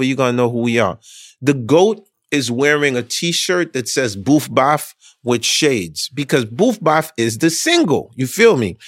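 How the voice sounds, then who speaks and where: A man telling a funny story casually, animated and slangy, acting out the other people's voices. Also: a little high, no echo, clean studio sound. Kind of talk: casual anecdote.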